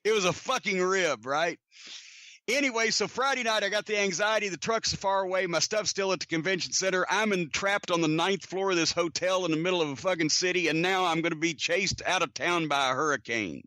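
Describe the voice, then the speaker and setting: A man with a high, bright voice tells long, rambling stories packed with swearing. He sounds close and dry, with no room around him, in a loose, casual podcast delivery. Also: a little fast, dry recording. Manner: profane, rambling anecdotes. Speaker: podcast host. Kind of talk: casual storytelling.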